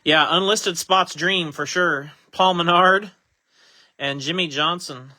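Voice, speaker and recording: A man's voice: a little high, slow pace, sharp tone. A man hosting a live trading-card break, casually chatting while he reads out each card he pulls.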